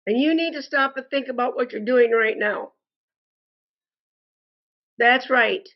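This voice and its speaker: Fed-up lady ranting slow about bad service, high voice, kinda muffled lo-fi audio. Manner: slow, deliberate and indignant, addresses viewers as "folks". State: frustrated and angry. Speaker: customer posting a complaint review. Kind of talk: angry complaint monologue.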